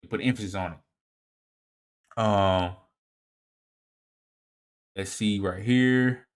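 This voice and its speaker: A man presenting a lecture over slides in a casual, halting way. He often repeats and restarts his words, checks in with "all right?", and swings between emphatic rises and low muttered asides. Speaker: presenter of a video series. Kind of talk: lecture walking through slides.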